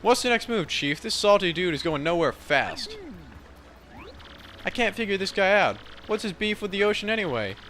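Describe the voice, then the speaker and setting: A man doing a brash high-pitched sidekick creature. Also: big pitch swings, moderate pace, bright, forceful tone, heavily acted. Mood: impatient. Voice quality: slangy, cocky talk.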